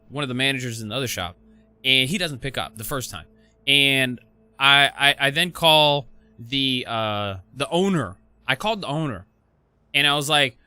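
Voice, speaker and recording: A man's voice: fairly high pitch, clear, resonant tone. A young man telling a rambling story to his stream, cursing a lot and stumbling over restarts. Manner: profane, rambling, excitable, many restarts. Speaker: gaming streamer. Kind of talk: casual storytelling.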